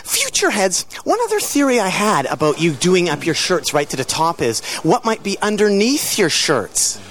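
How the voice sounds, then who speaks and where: A man's voice: high-pitched, wildly swooping pitch, normal speed, fairly bright tone. Male interviewer, swooping up-and-down voice, teasing, mock-serious. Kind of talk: playful interview questions.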